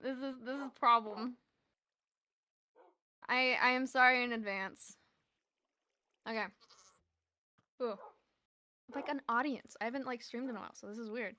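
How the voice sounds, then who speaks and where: A woman's voice: a little high, slight background noise. A young woman streaming a game, chatting casually and laughing often. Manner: chatty, excitable, quick to laugh. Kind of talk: casual gaming stream chat.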